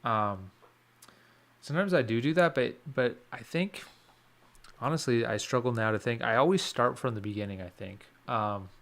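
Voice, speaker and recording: A man's voice: mid-range voice, moderate pace, creaky, fairly bright tone. A young man producing music on a livestream, musing aloud and questioning his own choices as he works. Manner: thinking aloud, self-questioning. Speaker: music producer live-streaming. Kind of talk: casual livestream commentary.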